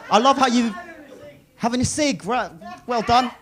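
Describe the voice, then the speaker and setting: A man's voice: very high voice, normal speed. A man in his twenties from England doing live stand-up in a comedy club, teasing the crowd and swearing freely. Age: 20s. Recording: noisy live club recording. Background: audience laughter.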